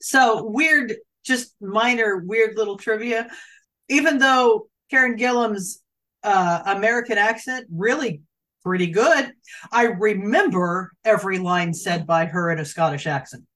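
A woman's voice: mid-range voice, unhurried, fairly bright tone. A woman co-hosting a podcast in casual chat, easygoing and often correcting herself. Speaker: podcast co-host. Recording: voice a bit distant from the mic.

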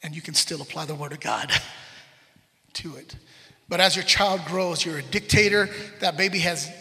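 A man in his forties preaching a conversational sermon as a pastor, telling animated family stories. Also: a little high, normal speed, gravelly. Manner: animated storytelling, acts out family scenes. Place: church sanctuary. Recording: reverberant hall.

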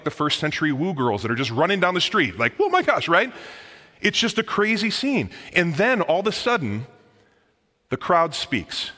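A man preaching a sermon as pastor, in a lively, conversational manner that often addresses the listeners as guys. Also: a little high. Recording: long reverb of a large hall.

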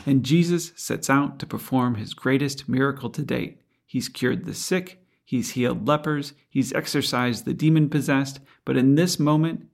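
A man's voice: mid-range voice, normal speed, vocal fry, few pauses. A man preaching a sermon in an earnest, reflective way, asking rhetorical questions.

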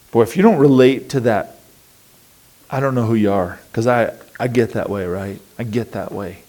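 Male pastor, relaxed talky sermon delivery, slips into quick imitations of worried thoughts. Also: medium pitch. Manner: conversational and animated, acting out inner voices.

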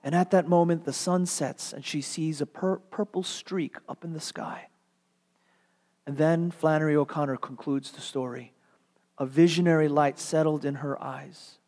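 Male pastor, sermon, dramatic storytelling, slightly high voice, long echo in a church hall. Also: fairly even intonation, moderate pace, a little mellow.

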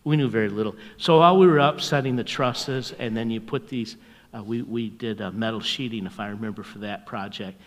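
An older man preaching as a pastor, telling stories in a folksy, chuckling way and dropping to a hushed voice at tender moments. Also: fairly low pitch, a little fast, long reverb tail. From North America. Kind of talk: storytelling sermon.

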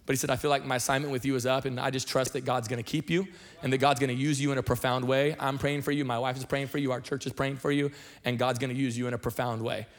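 A middle-aged man from Washington state, a senior pastor telling his testimony in a sermon, talking fast and conversationally with many restarts and repeated words. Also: medium pitch, flat delivery. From Washington state, USA.

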